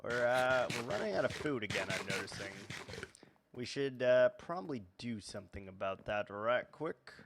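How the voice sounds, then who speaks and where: A man's voice: mid-range voice, expressive, moderate pace, background noise. A man hosting a let's play in casual gameplay commentary, rambling and correcting himself with many fillers.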